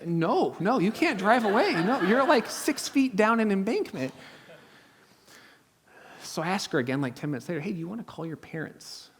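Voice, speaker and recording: A man in his thirties, a pastor preaching a sermon in a conversational, humorous way, telling stories and dropping to a hush at tense moments. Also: high voice, animated, moderate pace, slight background noise. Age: 30s. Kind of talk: sermon with storytelling. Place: church.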